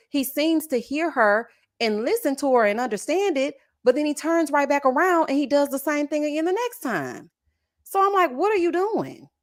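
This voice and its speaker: A young adult woman with a high voice hosts a casual reaction chat, reading viewer comments in a sassy, animated way and stretching out words like "child" and "honey."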